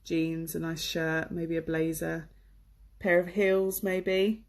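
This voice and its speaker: A woman's voice: low voice, flat delivery, slow pace. A woman from England giving a chatty, enthusiastic online English lesson, with many fillers, on a computer microphone. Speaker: English teacher.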